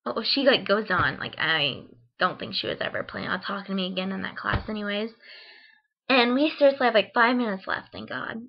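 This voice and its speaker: A woman's voice: mid-range voice, brisk, creaky, slightly rough. A young woman from Ohio telling a funny story in a casual vlog, chatty and full of "like" and "um", acting out her own reactions. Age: young adult. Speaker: vlogger. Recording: dull lo-fi sound.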